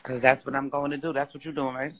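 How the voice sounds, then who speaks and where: A man's voice: mid-range voice, flat delivery, quick pace, a bit bright, low-quality recording. A man, teasing and needling a friend in casual banter at home. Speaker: vlogger.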